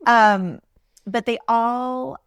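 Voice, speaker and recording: A woman's voice: a little high, fairly even intonation, extremely slow, smooth, dry recording. A woman in a casual podcast conversation, bubbly and chatty, laughing often and trailing off into fillers.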